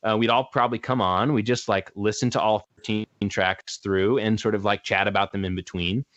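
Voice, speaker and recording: A man's voice: fairly low pitch, steady tone, fairly quick, a bit bright, no echo. A man being interviewed as a musician guest, chatting casually and rambling with lots of fillers. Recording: dull lo-fi sound.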